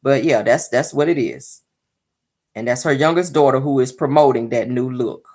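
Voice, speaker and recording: A woman's voice: extremely low pitch, normal speed. A woman vlogger giving casual, sassy celebrity gossip commentary from her car. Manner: sassy, animated, mocking impressions. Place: parked car. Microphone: phone or dashboard mic in a car.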